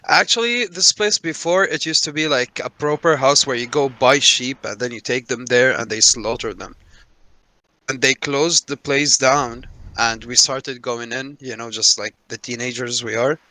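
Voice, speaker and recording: A man on a casual podcast who jumps in eagerly and explains things at length. His voice is bright and crisp, in a middle pitch. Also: moderate pace, no echo. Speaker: podcast co-host. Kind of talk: casual chat.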